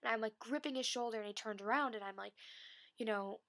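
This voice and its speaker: A young woman vlogging, telling a long excited story with lots of fillers and restarts. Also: a little high, fast talker. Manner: breathless, rambling, many fillers.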